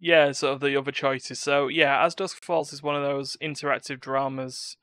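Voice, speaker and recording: A man's voice: medium pitch, fairly even intonation, normal speed, fairly bright tone, clean tone, dry recording. A man hosting a casual gaming podcast, talking in a rambling, opinionated way with many restarts. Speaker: podcast host. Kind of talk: casual chat.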